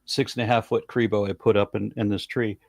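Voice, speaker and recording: A man's voice: lowish voice, little pitch movement, a little fast, vocal fry, a little mellow, dry recording, clean studio sound. A man co-hosting a casual podcast chat, telling rambling stories with restarts. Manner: rambling anecdotes with restarts and laughs. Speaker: podcast co-host.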